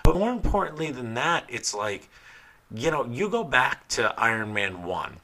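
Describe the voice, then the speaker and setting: A young adult man co-hosting a casual podcast, talking in an animated way and swearing freely. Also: mid-range voice, moderate pace. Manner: animated, swears freely, loud bursts when quoting scenes. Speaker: podcast co-host.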